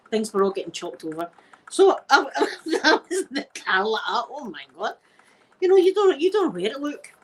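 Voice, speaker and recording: A middle-aged woman with a Glaswegian Scottish accent, telling stories in a relaxed ASMR chat and dropping Scots words as she goes. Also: mid-range voice, rough recording. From Scotland. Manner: chatty anecdotal storyteller using Scots words. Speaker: ASMR creator.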